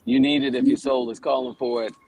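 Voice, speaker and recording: A yoga teacher in his forties tells stories as a guest on a casual radio show, conversational and plainspoken, with offhand swearing. His mid-range voice is flat in delivery, quick, a little mellow and slightly rough, captured on a low-quality recording.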